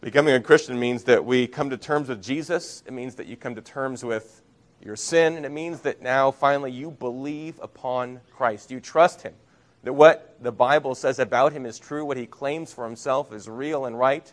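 A man preaching a sermon as a pastor, earnest, rising for emphasis and dropping to soft, low phrases. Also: normal speed.

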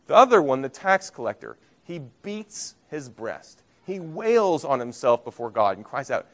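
A man preaching a sermon as a pastor, earnest, rising for emphasis and dropping to soft, low phrases. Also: lively intonation, moderate pace.

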